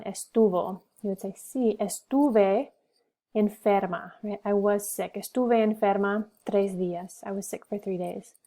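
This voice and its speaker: Woman, language teacher, mellow warm tone, slow careful drilling, mixes English and Spanish. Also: mid-range voice. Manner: switches between English and Spanish. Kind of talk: classroom language lesson.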